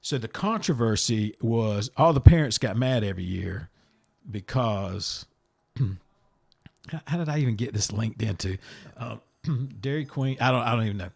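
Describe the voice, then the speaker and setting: A man's voice: medium pitch, moderate pace, gravelly, breathy edge. A man hosting a casual podcast, rambling from topic to topic, often restarting and repeating words, blunt in his opinions. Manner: blunt and animated. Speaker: podcast host.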